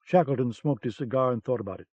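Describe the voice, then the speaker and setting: A man narrating a novel in a steady, measured way for an audiobook. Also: medium pitch. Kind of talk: scripted narration. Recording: dull cassette-era audiobook sound.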